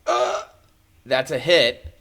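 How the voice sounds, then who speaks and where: A man's voice: fairly high pitch, wildly swooping pitch, takes it slowly, vocal fry, fairly bright tone, breathy edge. A man narrating a live-streamed tabletop game as game master, playful and jokey, with frequent fillers.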